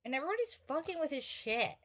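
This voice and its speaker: A woman's voice: high-pitched, very animated, fast talker, a bit bright. A woman co-hosting a casual recap podcast, joking and sarcastic. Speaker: podcast co-host.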